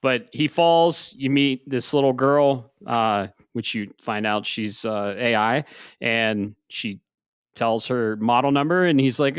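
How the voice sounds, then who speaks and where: A man's voice: mid-range voice, a little slow, smooth, no echo, clean studio sound. A man in his forties, a podcast host, chatting casually and laid-back, swearing often. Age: 40s. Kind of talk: casual chat.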